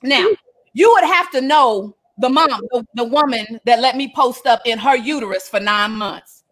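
High-voiced woman telling a lively story. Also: normal speed. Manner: animated, laughing, acts out dialogue. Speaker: vlogger telling a family story. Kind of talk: casual storytelling.

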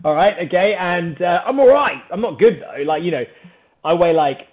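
A man, a podcast guest, telling a story in a casual, animated, self-mocking way and laughing often. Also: sits high, normal speed. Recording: phone-like narrow band.

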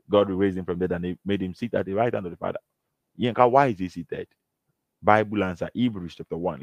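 Deep-voiced preacher. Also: male voice, no echo. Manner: earnest, emphatic, quotes scripture. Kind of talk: sermon. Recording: dull, slightly lo-fi.

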